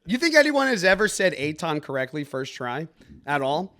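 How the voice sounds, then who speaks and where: A young adult man hosting a comedic news podcast, riffing sarcastically with an energetic, mock-announcer delivery. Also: on the high side, moderate pace. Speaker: comedy news show host.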